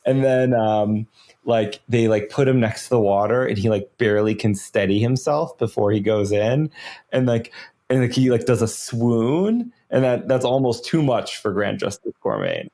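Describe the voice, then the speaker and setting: Gravelly-voiced man retelling a story. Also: mid-range voice, moderate pace. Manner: animated storyteller, many fillers and "like"s. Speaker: podcast co-host. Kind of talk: casual lore chat.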